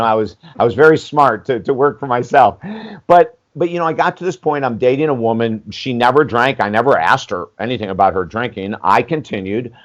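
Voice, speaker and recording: An older man in his sixties tells a personal story in a podcast interview, his pitch sitting in an ordinary middle range. He talks candidly and animatedly, acting out the voices of people he quotes and peppering his speech with "you know." The audio is slightly dull and lo-fi. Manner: animated, acts out quoted dialogue, frequent "you know", casual swearing. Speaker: podcast guest, life coach.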